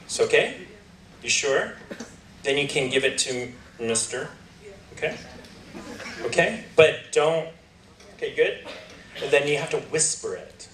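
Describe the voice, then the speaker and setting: A man's voice: fairly high pitch, measured pace, long pauses, fairly bright tone, roomy sound, recorded from a distance, rough recording. A man giving a guest lecture, playfully coaching volunteers through a game and laughing often. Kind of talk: lively lecture-hall game with audience.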